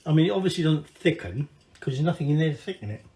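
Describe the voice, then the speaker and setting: A Scottish man chats his way through a cooking demonstration, wandering off into tangents and tossing in casual swearing. His voice sits a little on the high side for a man. The sound is roomy, with a noticeable echo from the kitchen around him. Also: animated, fast talker, mellow. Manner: chatty, rambling, sweary asides. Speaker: cooking channel host. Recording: echoey room.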